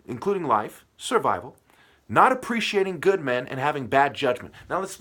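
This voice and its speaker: A man talks alone at his desk in a husky, slightly rough voice. His pitch sits in the ordinary middle range. He rants with heat and profanity, repeating phrases and chaining sound-alike words. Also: a bit bright. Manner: profane, heated, repeats himself, plays on word sounds. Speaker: vlogger. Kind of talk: ranting monologue.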